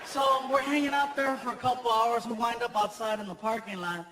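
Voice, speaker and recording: Comic lead, man, very high voice, animated storyteller who slips into character voices, live stage audio with crowd noise. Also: fairly quick. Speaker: stand-up comedian. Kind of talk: stand-up comedy storytelling. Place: large theater with a live audience.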